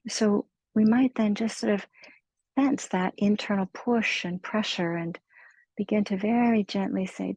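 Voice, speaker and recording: A woman meditation teacher giving a slow, gentle guided mindfulness talk in a soothing manner. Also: mid-range voice, creaky, breathy edge, dry recording, low-quality recording.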